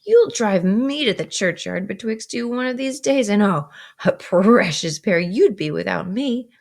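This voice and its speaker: A woman voicing a harsh, bossy older sister who scolds in a shrill, raised voice. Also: animated, unhurried, gravelly, darkish tone. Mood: scolding.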